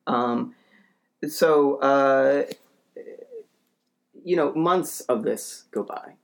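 Gravelly rambling male storyteller. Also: drawn-out words. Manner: rambling, with many fillers and restarts; acts out quotes in a shouting higher voice. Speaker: podcast storyteller. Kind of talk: casual storytelling.

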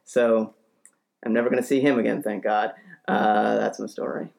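Gravelly, rambling podcast storyteller, profane and self-mocking. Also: mid-range voice, fairly even intonation, moderate pace, darkish tone. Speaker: podcast co-host. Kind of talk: comic storytelling.

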